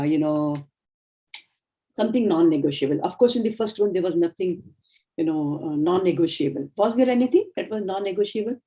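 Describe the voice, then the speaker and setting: A middle-aged woman with an Indian English accent, giving a training lecture in a measured, explanatory way. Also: lowish voice, warm tone. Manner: explanatory, measured, acts out sample dialogues. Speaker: communication trainer.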